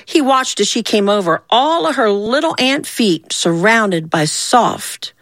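A woman telling a children's story in an animated, folksy way. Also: fairly high pitch, a little slow, no echo, studio quality. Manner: animated, folksy, voicing characters.

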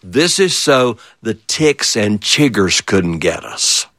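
A man storyteller telling a childhood story in an animated way, repeating phrases and turning to his listeners with playful questions. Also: fairly low pitch, takes it slowly, no echo. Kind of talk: oral storytelling of a childhood memory.

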